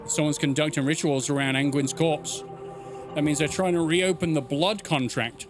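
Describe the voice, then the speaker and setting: Man doing old male witch NPC, ominous lore-teller, higher-set voice, game music behind. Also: fairly even intonation, moderate pace, lightly acted.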